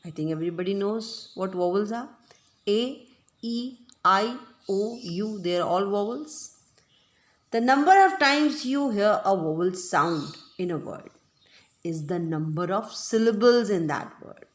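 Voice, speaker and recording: A woman teaching a grammar lesson, speaking slowly and deliberately, repeating her points and checking that her listeners understand. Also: medium pitch. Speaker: English teacher. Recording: echoey room.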